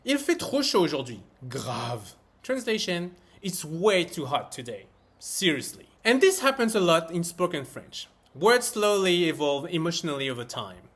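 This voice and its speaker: A man narrating a scripted French lesson, explaining everyday phrases with expressive emphasis. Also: fairly high pitch, a little slow. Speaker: French teacher.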